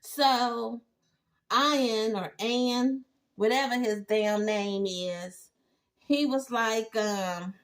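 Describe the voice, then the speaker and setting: A woman giving a casual, animated TV episode recap with exclaiming asides. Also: on the high side, extremely slow. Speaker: TV recap host.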